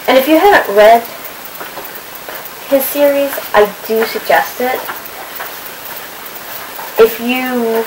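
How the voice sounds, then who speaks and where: A woman's voice: medium pitch, rough recording. A woman talking casually to her camera, chatty and rambling as she looks through old papers. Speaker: vlogger. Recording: audible background noise.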